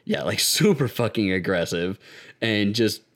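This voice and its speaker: A man with a lowish voice chats casually about an anime episode, cursing freely and breaking into laughter. He retells scenes with lively put-on quotes. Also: measured pace. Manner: profane, laughing, animated retelling. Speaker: podcast co-host. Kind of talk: casual chat recapping an anime.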